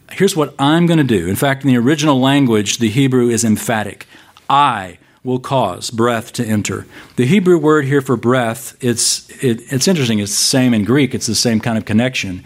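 Male pastor, mid-pitched, sermon delivery, expressive with slow emphatic scripture passages.

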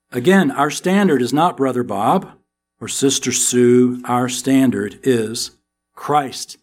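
A middle-aged American man preaching a sermon as pastor, with animated delivery that climbs into emphatic questions. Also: medium pitch, breathy edge.

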